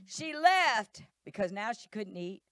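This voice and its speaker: A woman's voice: mid-range voice, sing-song, unhurried, a bit bright, no room sound, studio quality. A middle-aged woman pastor, preaching animatedly in church and acting out voices. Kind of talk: sermon.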